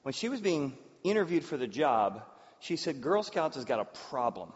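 A man's voice: mid-range voice, moderate pace, breathy edge. A man preaching a sermon to a live congregation, telling stories animatedly and acting out voices. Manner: animated storytelling with acted-out voices. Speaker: pastor. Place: church hall with audience. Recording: dull sound, long hall reverb.

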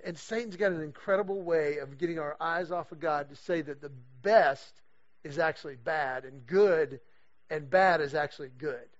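A middle-aged man telling a story in a sermon to a men's group, acting out the voices of the people he quotes. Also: on the high side. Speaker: guest speaker leading a men's series. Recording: dull lo-fi recording.

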